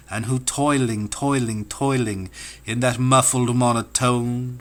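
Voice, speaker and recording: A man's voice: medium pitch, fairly bright tone. A man reading classic poems for an audiobook, with a rhythmic, incantatory delivery that sweeps up and down. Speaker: audiobook reader. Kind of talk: dramatic poetry reading.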